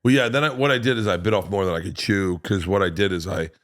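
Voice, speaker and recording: A comedian guest telling stories in casual podcast talk, animated, acting out quotes and swearing freely. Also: male voice, deep voice, fast.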